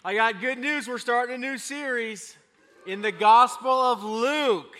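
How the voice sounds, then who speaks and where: A middle-aged male pastor preaching a sermon, telling a family story with lively, animated delivery. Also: very high-pitched, unhurried. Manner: storytelling, acts out his children's excited voices. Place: church.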